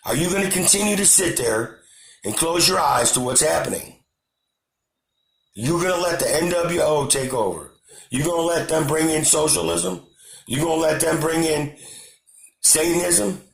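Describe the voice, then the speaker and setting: Gravelly man ranting in an echoey room. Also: fairly high pitch, moderate pace. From United States. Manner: impassioned, repetitive, shouting at times. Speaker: channel host. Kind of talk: angry political rant to camera.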